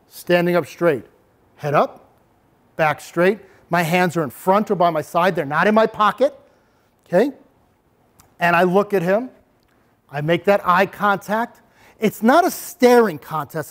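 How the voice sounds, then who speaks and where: A middle-aged man giving a presentation to parents on bullying, demonstrating calm, assertive speech to his audience. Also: high voice, normal speed, pauses often.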